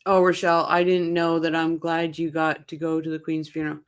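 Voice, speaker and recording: A woman's voice: low voice, completely flat delivery, a little fast, clean tone. Chatty woman live-streaming. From Canada, Ontario. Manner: chatty, laughs often, addresses viewers by name. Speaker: livestream host reading viewer chat. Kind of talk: casual livestream chat.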